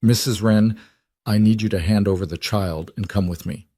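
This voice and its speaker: Brief: man voicing a hard-edged sheriff, low and firm, dry sound. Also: moderate pace, dark tone, no echo, lightly acted. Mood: stern. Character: uneasy frontier sheriff, stern.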